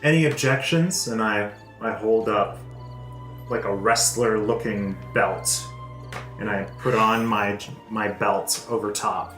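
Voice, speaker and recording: A man playing a tabletop game, talking in a lively, slightly hesitant way. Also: lowish voice, takes it slowly. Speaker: player. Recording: roomy echo, faint music, far from mic.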